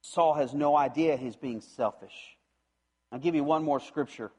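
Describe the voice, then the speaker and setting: A man preaching a sermon, retelling a scripture story in an animated way and acting out the voices of its characters. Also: on the high side, a little slow, slightly rough. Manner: animated storytelling, acts out voices, frequent restarts. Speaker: pastor.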